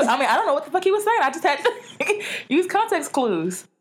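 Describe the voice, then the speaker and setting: A woman's voice: high-pitched, brisk. A young woman co-hosting a podcast, joking and cursing freely in casual chat, laughing often. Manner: animated, joking, profane, laughs a lot. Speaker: podcast co-host.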